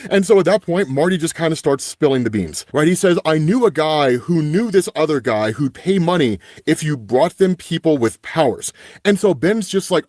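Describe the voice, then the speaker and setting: Animated young man recapping a comic. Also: fairly high pitch, normal speed, no room sound, studio quality. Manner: animated storyteller, paraphrasing characters' dialogue with "right?" asides. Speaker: comic book channel host. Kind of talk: casual comic book recap.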